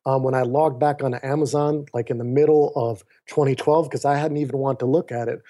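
A man's voice: medium pitch, a little fast. A man, a podcast guest, telling a personal story in conversation. He acts out the voices of others in his dialogue and often turns to the host by name. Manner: animated storyteller who acts out quoted dialogue; often addresses the host by name mid-sentence. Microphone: remote call.

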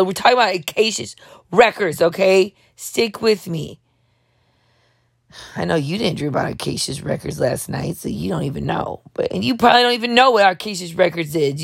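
Woman host, gravelly, dry close sound, dramatic rambling comic monologue. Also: fairly low pitch, dry recording. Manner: dramatic, over the top; talks fast, jumps between thoughts. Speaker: show host.

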